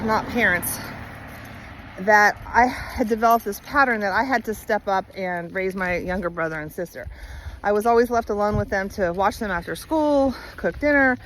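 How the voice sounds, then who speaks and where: A woman's voice: medium pitch, fairly bright tone, a little hiss or hum, rough recording. A woman vlogger telling her life story in a candid, chatty way with many fillers and easy laughs, outdoors while walking her dog. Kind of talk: casual personal storytelling.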